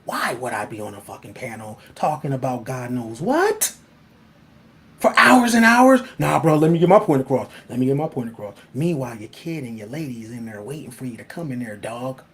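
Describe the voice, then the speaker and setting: Male host, blunt and profane, animated casual monologue, laughs a lot. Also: mid-range voice, brisk. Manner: laughs often.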